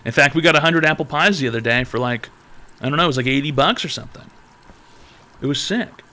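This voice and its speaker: A man hosting a live online advice show, riffing in animated, profane banter. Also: a little high, fast talker. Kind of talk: livestream banter.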